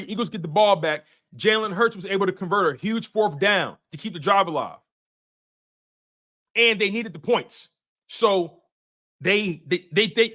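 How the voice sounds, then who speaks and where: Man, sports recap host, high voice, casual, emphatic, repeats himself for emphasis. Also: fairly bright tone. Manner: emphatic, repeats key points, casual slang.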